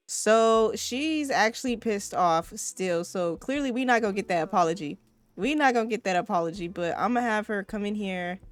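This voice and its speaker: A woman's voice: medium pitch, lively intonation, normal speed, faint music behind. A woman giving casual, chatty gameplay commentary, swearing freely and talking straight to her viewers. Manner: chatty, profane, addresses viewers. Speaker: let's play host.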